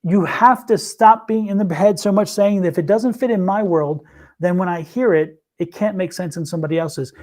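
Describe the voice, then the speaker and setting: A man's voice: high-pitched, normal speed, darkish tone. A man reading tarot on a livestream, telling stories earnestly and often repeating himself mid-thought. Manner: earnest storyteller, repeats and restarts phrases. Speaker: tarot reader, co-host.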